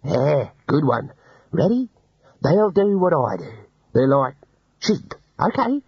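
A man reading aloud, voicing a huge male ram who speaks in a hushed, sly, conspiratorial way. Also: on the high side, very animated, slow pace, slightly rough, dry recording, dull audio, pitched above the performer's own voice, exaggerated voice.

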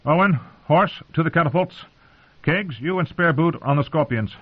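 A man's voice: on the high side, lively intonation, moderate pace, breathy edge, pitched above the performer's own voice. Male narrator doing tired young commander, raised clipped orders, lo-fi phone tone. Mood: commanding. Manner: curt barked orders. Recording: tinny phone-like audio.

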